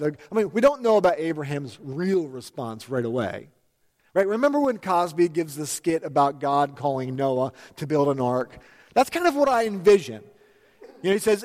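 A man's voice: high-pitched, darkish tone. A man preaching a sermon in a church, telling a story with amused, chatty energy. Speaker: pastor. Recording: long hall reverb.

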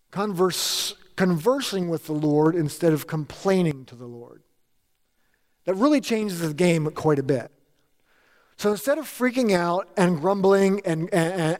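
High-voiced preaching man in a reverberant hall. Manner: emphatic preaching with repeated lists and rising emphasis. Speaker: pastor. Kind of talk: sermon.

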